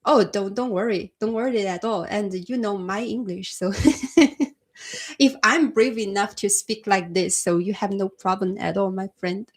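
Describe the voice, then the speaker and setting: A woman from China with a Chinese accent, hosting a casual livestream chat and answering viewers' comments in a soft-spoken way, often calling them her friend. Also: mid-range voice, unhurried. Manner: soft-spoken, frequent restarts and laughs, addresses viewers as my friend. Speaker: livestream host.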